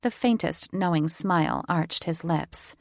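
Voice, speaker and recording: A woman reads a first-person romance audiobook with an intimate, teasing delivery. Her voice sits a little low, with a gravelly fry at the edges. The recording is close and dry. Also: unhurried, dry recording. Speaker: audiobook narrator.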